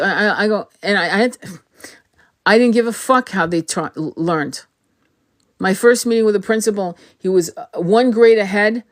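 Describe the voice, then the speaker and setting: A woman's voice: medium pitch, normal speed. A woman hosting a live stream, talking casually and bluntly, swearing freely and restarting her sentences, her throat sore and tired. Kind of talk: casual livestream chat.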